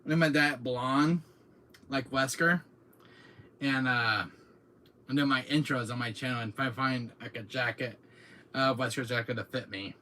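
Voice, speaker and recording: A man hosting his own channel, chatting casually to viewers in an excitable, rambling way, often laughing and repeating himself. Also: mid-range voice, moderate pace, pauses often. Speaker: channel host. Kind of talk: casual vlog chat to viewers. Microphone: camera mic, seated in chair.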